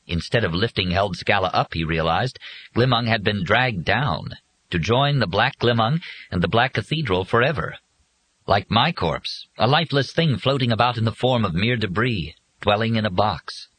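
A man reading an audiobook in a husky voice with dramatic, expressive scripted narration. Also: on the low side, moderate pace, rough recording.

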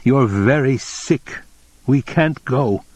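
A man's voice: medium pitch, takes it slowly, a little mellow, dry recording, pitched above the performer's own voice. A man reading an audiobook voices a tense, desperate man who speaks urgently and pleadingly.

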